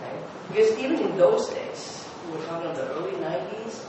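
A man with a slightly high voice, a former TV news producer, tells animated anecdotes to an audience, halting with fillers and restarts. He sounds far off in a very echoey hall, with noise on the recording.

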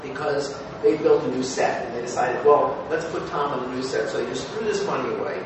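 A man, a former TV news producer, telling anecdotes to an audience, lively and halting with fillers and restarts. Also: mid-range voice. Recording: echoey hall, voice from far off with noise.

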